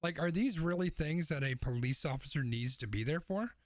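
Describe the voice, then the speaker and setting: A man co-hosting a podcast offers blunt, opinionated takes in casual discussion, sometimes swearing. His voice sits on the high side, a little fast, with lively intonation. There's no room sound.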